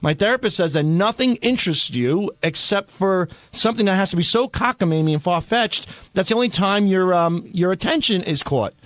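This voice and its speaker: A man's voice: high voice, expressive, brisk, hardly any pauses, no echo. A man, a radio show regular, telling a long, blunt, profane story in casual studio banter. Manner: rambling, blunt and profane, self-deprecating. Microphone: studio microphone.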